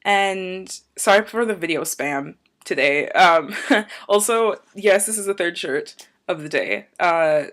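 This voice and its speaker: A woman's voice: on the low side, slow, fairly bright tone. Chatty young woman vlogging on tangents. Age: young adult. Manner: rambling, going off on tangents; chatty and upbeat. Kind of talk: casual chat to camera.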